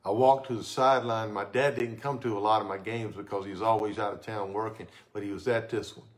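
A male pastor preaching a sermon with fervent energy that sometimes drops to soft, intimate tones, speaking on a microphone in a church sanctuary. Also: on the low side, fairly quick. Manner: fervent, rising to excited shouts then dropping to soft, intimate tones.

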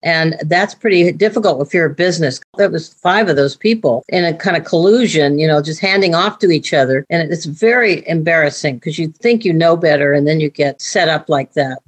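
An older woman, a business owner, tells an interviewer about an ordeal, lively and acting out the voices of the people she quotes. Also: low-pitched, a little fast, few pauses, no room sound. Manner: animated, acting out quoted dialogue. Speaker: scam victim guest, business owner. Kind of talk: casual interview storytelling.

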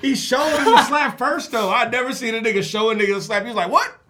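A man who works as a barber, telling a story in an animated way, acting out the voices with lots of slang. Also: very high voice, fast, noisy background. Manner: acts out every voice in his stories, slangy.

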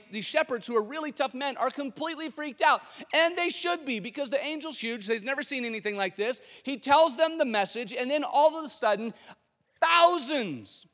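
A man's voice: very high voice, fairly bright tone, big-room sound. A male pastor preaching a sermon, telling the story animatedly with frequent restarts.

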